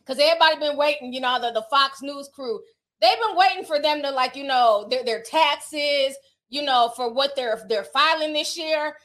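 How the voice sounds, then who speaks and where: A woman's voice: high voice, moderate pace, fairly bright tone. A woman hosting her channel, giving casual gossip commentary in a sassy, slangy way with laughing asides, speaking from home at her computer.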